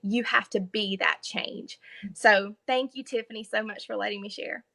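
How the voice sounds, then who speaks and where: A woman's voice: medium pitch, steady tone, normal speed, creaky, pushed and bright. A woman speaking as a guest over a video call, closing her personal testimony in an earnest, heartfelt way. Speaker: guest speaker, health coach.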